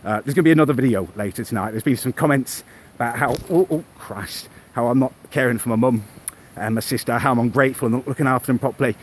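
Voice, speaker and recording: A man's voice: medium pitch, quick pace, slight background noise. A man, recording a comedic vlog rant on a phone, telling a story in a smug, sneering way. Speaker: vlogger.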